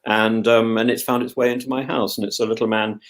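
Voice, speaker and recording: A man's voice: lowish voice, level tone, fast talker. A middle-aged man from England, co-hosting a casual chat, who keeps restarting and repeating words as he talks. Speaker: co-host.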